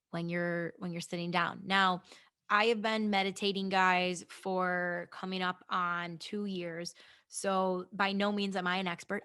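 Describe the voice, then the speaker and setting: Her voice is medium-pitched and a bit bright: a young woman hosting a podcast on goals and meditation. She talks frankly and chattily, swears occasionally, restarts herself a lot and addresses her listeners directly.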